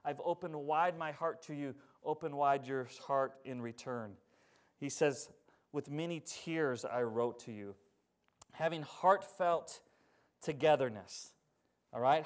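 A man preaching a sermon as pastor, swinging from loud urgent passages to quiet earnest ones and calling out to the congregation for responses. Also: on the high side, measured pace.

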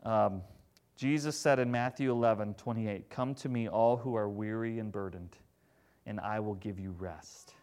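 A man preaching a sermon, moving between loud, animated retellings and hushed, gentle passages. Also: lowish voice, moderate pace.

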